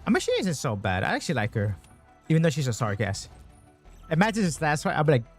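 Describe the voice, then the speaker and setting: A male streamer chatting to his viewers over a game, cursing constantly and getting worked up in bursts. his pitch leaps around wildly as he reacts, with soft game music playing behind him. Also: quick pace. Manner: swears constantly, excitable, talks to chat. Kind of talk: casual gaming stream chat.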